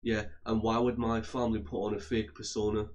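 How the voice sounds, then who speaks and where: A young man from England with a low voice delivers a rambling, argumentative rant. His pitch barely moves, so it comes out flat and level. He keeps circling back and repeating himself. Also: fairly quick, lo-fi sound, a little hiss or hum. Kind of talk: casual rant to camera.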